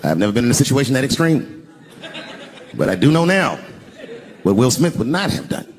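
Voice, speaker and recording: An older man doing a stand-up routine on a large arena stage into a handheld mic, telling a profane story in an animated way. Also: medium pitch, normal speed. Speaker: stand-up comedian. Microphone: handheld stage microphone. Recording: live recording with background noise.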